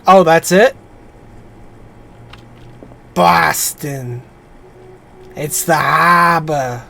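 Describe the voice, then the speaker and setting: A woman streaming a game, chatting casually and getting excited as she plays. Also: low-pitched, extremely slow, vocal fry.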